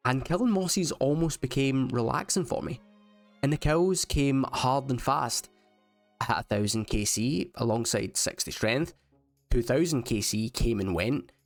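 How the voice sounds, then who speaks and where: Male gaming vlogger, wry self-mocking voice-over, faint music bed. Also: medium pitch. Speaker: gaming YouTuber. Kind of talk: casual game commentary voice-over.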